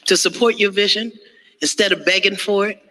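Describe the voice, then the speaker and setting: A man giving an animated motivational sermon, calling out to the audience and acting out the voices of others. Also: sits high, a little fast, rough recording. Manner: animated, call-and-response, acts out voices. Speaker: motivational speaker. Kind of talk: inspirational preaching.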